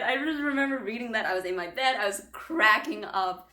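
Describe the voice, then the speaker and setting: A young woman reviewing a book in a casual, gushing way, giggly and excitable. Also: fairly high pitch, fairly quick, hardly any pauses. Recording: roomy echo, distant mic, faint music.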